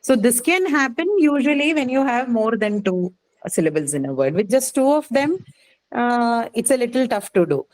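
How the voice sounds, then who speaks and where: A woman's voice: fairly high pitch, very animated, normal speed, a little mellow, rough recording. A woman teaching a class, patiently explaining and checking that students follow with frequent "okay"s. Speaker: English teacher. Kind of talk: live online class lecture.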